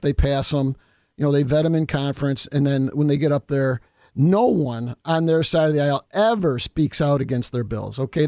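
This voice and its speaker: A middle-aged man, telling political stories in a casual, animated way and acting out the people he quotes. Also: on the high side, no room sound, clean studio sound. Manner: animated storyteller, acts out quotes, chuckles. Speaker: state assemblyman hosting a politics show.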